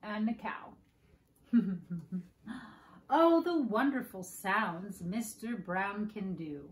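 A woman hosting preschool story time, reading picture books aloud in a slow, sing-song way and playfully acting out animal noises for children. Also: mid-range voice, lively intonation, reverberant.

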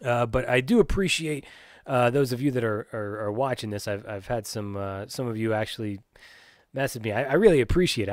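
A man's voice: fairly low pitch, dry recording, studio quality. A man from Pennsylvania, hosting his own podcast and ranting in a profane, rambling way, full of restarts and fillers. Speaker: podcast host.

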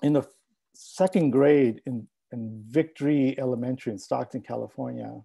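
A man's voice: medium pitch, moderate pace, gravelly, warm tone, slightly rough, poor audio. A middle-aged man, a native Spanish speaker, telling a reflective personal story as a scholar giving a talk. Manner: reflective, heartfelt, mixing in Spanish phrases.

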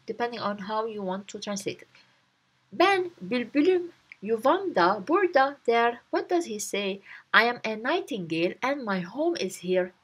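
A woman's voice: medium pitch, a bit bright, slightly rough. A woman teaching a language by reading a short story aloud and explaining each word and phrase. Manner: reads a line, then translates and breaks down each word.

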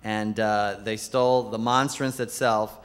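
Jesuit priest giving a humorous keynote. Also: male voice, fairly even intonation, a little slow. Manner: anecdotal, quotes others in lowered voice for punchlines. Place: large conference hall. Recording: long hall reverb.

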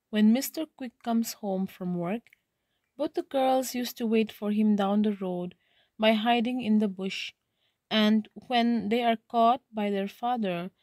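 A woman's voice: medium pitch, a little mellow, no room sound. A woman teacher reading a story aloud, then retelling each passage in simpler words.

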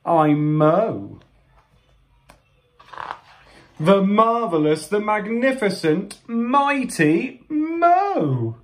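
A man voicing an eager, restless young male raccoon hero in a storybook, with bouncy, dramatic, drawn-out exclamations. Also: high-pitched, very animated, voice pushed up, exaggerated voice. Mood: triumphant.

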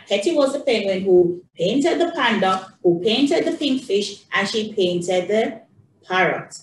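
High-voiced lady teaching little kids, slow and encouraging, kinda far from the mic in an echoey room. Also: a little hiss or hum. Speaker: early childhood teacher. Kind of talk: teaching young children.

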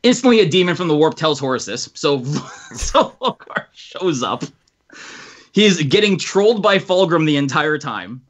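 Male co-host, rambling storyteller, slightly high voice, dull podcast sound. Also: very animated, unhurried, a bit bright. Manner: rambling, long-winded storytelling. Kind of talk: casual chat. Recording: lo-fi podcast audio.

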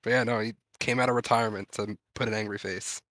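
A man's voice: on the low side, fairly even intonation, quick pace, fairly bright tone, no room sound. A man co-hosting a podcast, laid-back and blunt, swearing freely. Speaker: podcast co-host. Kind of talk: casual podcast chat.

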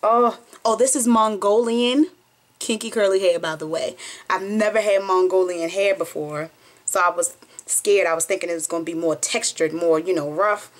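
A young woman with a Southern US accent, chatting excitedly as she unboxes a package for her vlog, recorded on a phone at home. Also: fairly low pitch, normal speed. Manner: chatty, bubbly and excitable, squeals with delight. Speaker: beauty vlogger. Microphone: phone camera.

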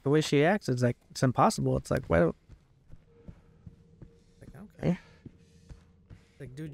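A young man venting in a casual, rambling way while playing a game, swearing often and filling every pause with "like". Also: mid-range voice, a little mellow. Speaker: gaming YouTuber.

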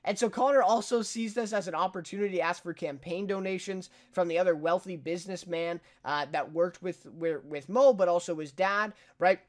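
Young male reviewer, light high voice, casual filler-laden recap. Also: a little fast, few pauses. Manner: chatty, filler-heavy, laughs while retelling scenes.

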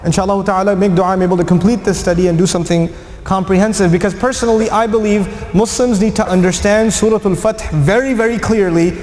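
High-voiced man lecturing in an echoey hall. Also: steady tone, quick pace, hardly any pauses, a little mellow. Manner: storytelling, acts out quoted voices. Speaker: Quranic lecturer. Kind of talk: animated religious lecture. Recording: echoey hall with faint ambience.

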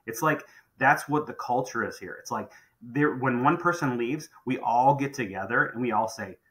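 A man's voice: medium pitch, moderate pace, fairly bright tone, rough recording. A middle-aged man who runs a contracting business, talking emphatically on a podcast and often repeating phrases as he restarts. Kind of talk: podcast conversation.

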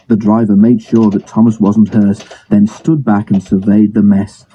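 A man narrating a children's railway story in a steady, measured reading, recorded on an old phone. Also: fairly low pitch, muffled recording, slight background noise. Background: music.

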